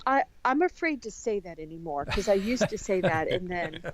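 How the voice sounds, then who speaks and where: A woman from the United States, a podcast guest, talking in an animated, chatty way with many restarts. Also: lowish voice, normal speed. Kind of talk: casual conversation.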